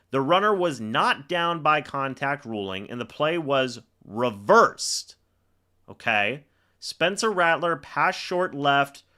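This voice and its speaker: A man's voice: fairly high pitch, pushed and bright. A man on a live stream calling each play and ranting in angry exasperation at the referees. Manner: reads plays aloud like commentary. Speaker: sports reaction streamer.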